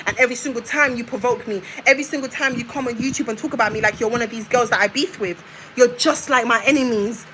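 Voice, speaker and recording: A woman's voice: a little high, bright, forceful tone, a little hiss or hum, low-quality recording. A young woman on a live stream, ranting in a confrontational way and hammering her points home with repetition. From United Kingdom. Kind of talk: heated live-stream rant.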